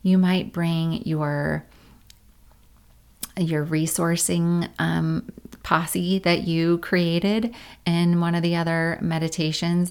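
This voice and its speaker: A woman leads a guided meditation in a calm, unhurried manner. Her voice sits low and slow, with a gravelly fry at the ends of phrases. She sounds like a parent in her thirties.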